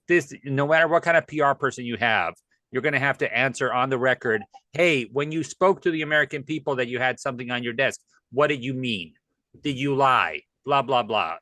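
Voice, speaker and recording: A man's voice: mid-range voice, pushed and bright, no echo. A man co-hosting a casual political talk show, talking emphatically and repeating words for stress. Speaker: show co-host.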